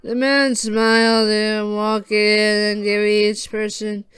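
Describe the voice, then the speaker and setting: A storyteller reading a fan audio story aloud, halting and restarting as they go. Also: mid-range voice, flat delivery, a bit bright, clear, resonant tone, no room sound.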